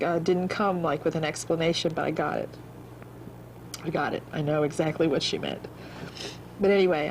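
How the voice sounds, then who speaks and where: A woman's voice: fairly low pitch, slight background noise, rough recording. A middle-aged woman telling the emotional story of reuniting with her daughter, in a tender, rambling way with a few laughs. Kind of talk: emotional personal testimony.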